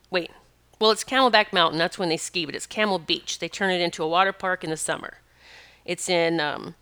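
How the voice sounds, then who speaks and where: A woman's voice: mid-range voice, bright, forceful tone, clean tone. A woman hosting a podcast, casually telling a personal story in a rambling, self-correcting way. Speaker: podcast host.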